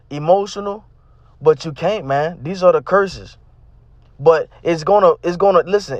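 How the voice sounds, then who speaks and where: A man's voice: high voice, no echo, muffled recording. A man giving street-preacher style religious commentary, profane, emphatic and repetitive.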